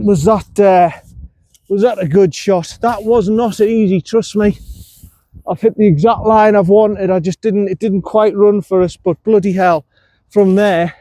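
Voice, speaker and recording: Male golf vlogger, high mellow voice, casual self-talk on the course. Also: no room sound. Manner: talks to himself and the viewer between shots, self-coaching.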